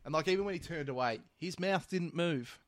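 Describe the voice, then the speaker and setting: A man's voice: a little high, brisk, no echo, studio quality. An Australian man co-hosting a podcast, chatting casually in a blunt, joking way and swearing freely. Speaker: podcast co-host. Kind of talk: casual chat.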